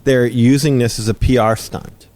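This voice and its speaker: A man's voice: mid-range voice, fairly even intonation, normal speed, a little mellow. A man from South Louisiana hosting a fan podcast in casual chat, posing questions to his co-hosts with frequent restarts. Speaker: podcast host.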